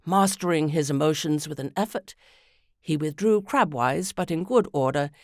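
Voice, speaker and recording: A woman reads a scripted podcast story in a measured, unhurried way. Her voice sits on the lower side. The recording is dry and close to the mic. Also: no echo. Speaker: narrator.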